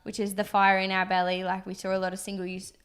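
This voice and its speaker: A woman's voice: medium pitch, completely flat delivery, fast, a bit bright, clean tone. Chatty young woman co-host, loose and rambling, talks business with her partner. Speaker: podcast co-host, business co-founder. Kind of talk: casual chat.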